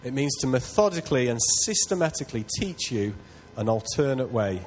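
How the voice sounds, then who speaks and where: A man's voice: medium pitch, fairly quick, a little hiss or hum, rough recording. A man preaching a sermon, telling a personal story in an earnest, self-deprecating way. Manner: earnest, self-deprecating, builds to loud excitement.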